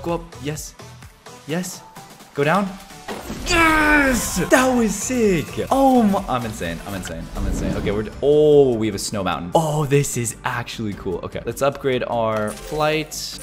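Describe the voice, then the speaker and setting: A young man hosting a gaming video, giving excited play-by-play commentary that jumps into shrieks and yells. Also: mid-range voice.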